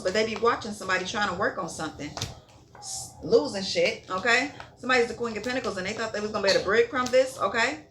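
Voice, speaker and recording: A woman's voice: on the high side, pushed and bright, slight background noise. A woman giving a casual tarot reading in a blunt, profane way, repeating herself and checking in with "okay?". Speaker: tarot reader.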